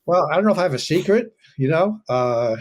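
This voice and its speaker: A man who serves as a fire officer, a guest in an interview, speaking calmly with halting restarts. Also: on the high side. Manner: calm and measured, with halting restarts. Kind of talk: casual interview talk.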